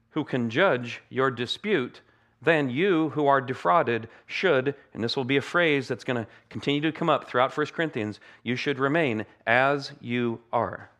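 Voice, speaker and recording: A man's voice: mid-range voice, fairly bright tone. An American man, a pastor, praying earnestly and then preaching a sermon in a conversational way with humorous asides. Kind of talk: sermon with opening prayer.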